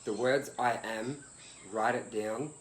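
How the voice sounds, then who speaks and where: A man of middling pitch who breaks in eagerly to ask questions. He then turns and addresses the listeners directly. His voice rings out in a roomy, echoing space. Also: steady tone, slow, slight background noise. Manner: interjects eagerly, then speaks to the audience. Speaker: interview guest. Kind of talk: conversational interview.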